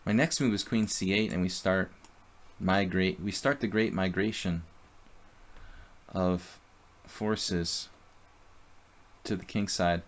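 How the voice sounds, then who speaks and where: Low-voiced man thinking aloud over chess. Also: takes it slowly, long pauses. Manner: thinks aloud about moves and chats with viewers. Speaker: chess streamer. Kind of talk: live chess commentary.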